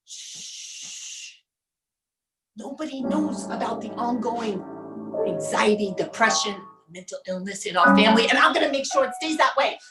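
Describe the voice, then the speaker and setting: A woman performing an autobiographical stage monologue, measured and wry, pausing for effect. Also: on the high side, expressive, music in the background. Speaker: solo performer. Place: theater stage. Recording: roomy stage sound, mic far off.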